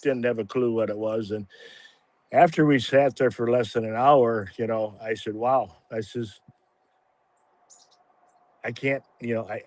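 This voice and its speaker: A man in his sixties telling his personal story on a livestream, halting and rambling with many restarts. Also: medium pitch, steady tone, a little mellow, no room sound. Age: 60s. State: a little emotional at times. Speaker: guest sharing a testimony. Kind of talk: casual spoken testimony on a livestream.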